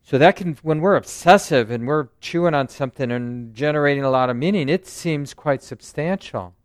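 A man who teaches meditation, giving a relaxed, conversational dharma talk and often checking in with "right?" and "you know". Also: on the high side, moderate pace, no echo, studio quality. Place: meditation center.

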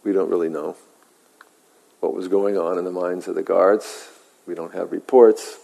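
Mellow-voiced man giving a reflective talk. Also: low-pitched, fairly even intonation, vocal fry. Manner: measured, reflective, halting pauses. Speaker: meditation teacher. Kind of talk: dharma talk storytelling. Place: meditation hall. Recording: long hall reverb.

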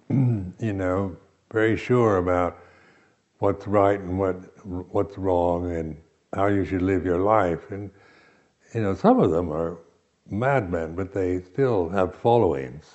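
A man giving a reflective dharma talk as a meditation teacher, pausing often and restarting his phrases. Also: deep voice, a little mellow, dull audio. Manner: slow, reflective, with many pauses and restarts.

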